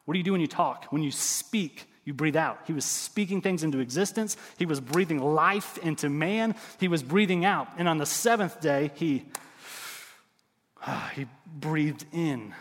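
A middle-aged man preaching a sermon, telling stories with lively swings and dropping to quiet emphasis. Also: fairly high pitch, normal speed, big-room sound. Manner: animated storytelling, drops to quiet emphasis. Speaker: pastor.

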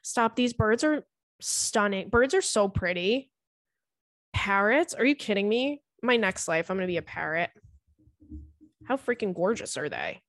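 A woman, hosting a podcast and reading listener stories aloud in an animated, swearing, laughing way. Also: medium pitch, a little slow, long pauses, no echo, studio quality. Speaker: podcast host.

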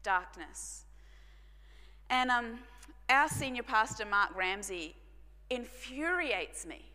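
A woman pastor, telling a personal story in a sermon, earnest and dropping to hushed tones for emphasis. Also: medium pitch, takes it slowly. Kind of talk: sermon testimony. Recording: long hall reverb.

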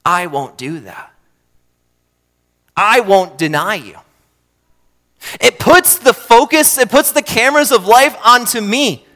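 A man preaching a sermon, swinging between loud emphatic bursts and quiet low asides. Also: lively intonation, takes it slowly, pauses often. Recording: long hall reverb.

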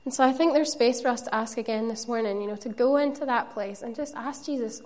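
A woman's voice: a little high, fast talker, hardly any pauses, a little mellow. A woman preaching a sermon, earnest and conversational, with playful asides to the congregation.

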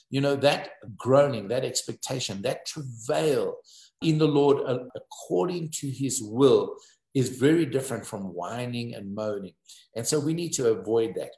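A man preaches a sermon in a roomy, echoing space. His voice sits at a middle pitch, and he tells stories with emphasis and lively energy. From South Africa. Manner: storytelling, animated and emphatic. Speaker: pastor.

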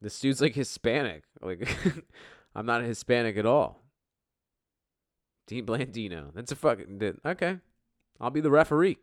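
The league commissioner from the US East Coast takes an unhurried, expressive approach in a mid-range voice, brashly joking and swearing as he goes through rankings on his casual podcast. The recording is dry and studio-clean.

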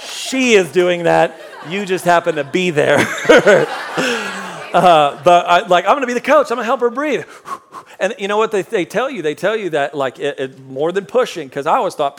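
A middle-aged male pastor giving a sermon as comic storytelling, animated and jokey, acting out loud outbursts. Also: high voice, moderate pace, slight background noise.

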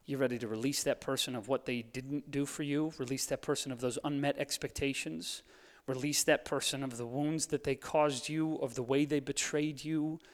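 Guy preaching, gets soft then pumped up, jokes around, big echoey hall. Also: mid-range voice, fairly even intonation, normal speed, hardly any pauses. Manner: swings between soft hushed lines and fired-up urging; playful, laughs at his own jokes. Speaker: pastor. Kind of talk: sermon. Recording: long hall reverb.

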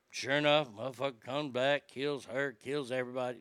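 A man's voice: mid-range voice, fairly even intonation, a little fast, few pauses, a bit bright, clean tone, no room sound, studio quality. A man ranting casually and profanely about movies while reading out listener comments. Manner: swearing, exasperated ranting.

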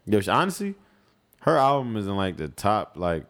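A man co-hosting a podcast, talking in casual, animated chat and often starting lines with "yo". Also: on the low side, moderate pace. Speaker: podcast co-host.

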